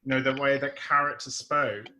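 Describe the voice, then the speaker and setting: Bright-voiced Essex man hosting. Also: medium pitch, steady tone, moderate pace, slight background noise. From England. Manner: rambling, many restarts. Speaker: theatre director hosting a Q&A. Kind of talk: casual online workshop chat.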